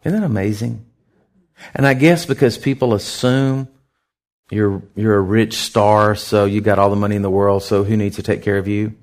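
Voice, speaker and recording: A male pastor telling a story in a sermon, animated and conversational, acting out other people's lines. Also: on the low side, moderate pace. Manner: lively anecdotal storytelling, acts out others' lines.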